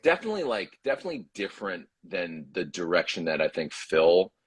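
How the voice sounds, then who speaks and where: A man's voice: sits low, big pitch swings, brisk, slightly rough, no room sound. A man, a voice actor, chatting casually and animatedly over a video call, swearing freely. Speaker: voice actor guest. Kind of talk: casual live-stream chat.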